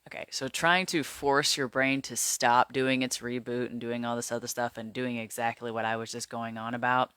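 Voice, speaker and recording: A man talks straight to camera in a loose, chatty way, leaning on filler words and pausing to check his notes. His voice is bright and clean. The sound is dry and close. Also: medium pitch, flat delivery, clean tone, no room sound. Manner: rambling, filler-heavy, chatty; glances at notes while talking. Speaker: wellness vlogger. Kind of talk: casual talk to camera.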